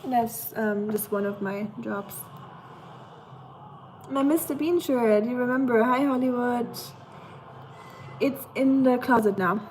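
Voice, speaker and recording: A woman with a German accent hosting a casual livestream at home, chatting with viewers, answering the chat and filling pauses with "um.". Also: fairly high pitch, darkish tone, a little hiss or hum, poor audio. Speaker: livestream host.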